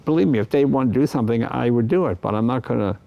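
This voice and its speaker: A man's voice: medium pitch, quick pace, gravelly, highs cut off. An older man from the East Coast, a guest in an interview, telling stories and acting out quoted voices. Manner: animated storyteller, acts out quoted voices. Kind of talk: anecdotal interview talk.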